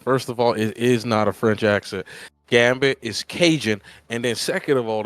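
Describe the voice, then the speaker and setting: A man's voice: mid-range voice, dry recording. A man co-hosting a casual podcast chat, ranting emphatically and hammering his points home. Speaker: podcast co-host.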